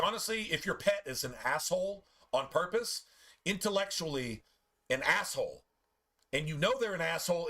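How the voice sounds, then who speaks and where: A man chatting casually while streaming a game, telling profane, animated stories about his pets. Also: on the high side. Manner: animated, profane storytelling with playful put-on pet voices.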